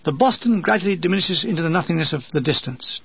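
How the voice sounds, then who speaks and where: Brief: high-ish, gravelly male memoir reader, dry close sound. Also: expressive, quick pace, no echo, lo-fi sound. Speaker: narrator. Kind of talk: reading a wartime memoir aloud.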